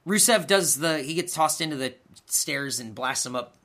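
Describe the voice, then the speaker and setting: A man's voice: a little high, expressive, moderate pace, sharp tone. A man co-hosting a podcast, recapping wrestling in casual chat with sarcastic, exasperated remarks and plenty of swearing. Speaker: podcast co-host.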